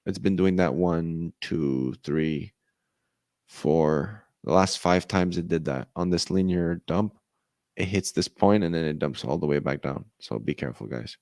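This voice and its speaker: A man's voice: low-pitched, a little slow, a little mellow, no room sound. A man co-hosting a casual crypto chat show, ranting with lots of profanity and mocking put-on voices. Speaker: podcast co-host.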